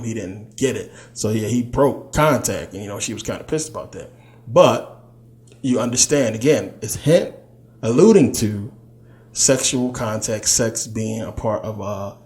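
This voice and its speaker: A man's voice: on the low side, a little mellow. A man giving a loose, conversational spiritual teaching talk, full of fillers. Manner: loose, conversational, many fillers, slips into quoted voices.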